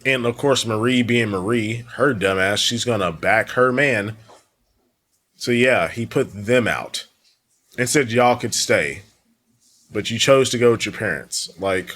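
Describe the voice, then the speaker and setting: A man hosting a reaction commentary, talking over clips with biting sarcasm. His voice sits fairly low and he takes his time, drawing out each mocking line. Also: unhurried, fairly bright tone. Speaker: commentary host.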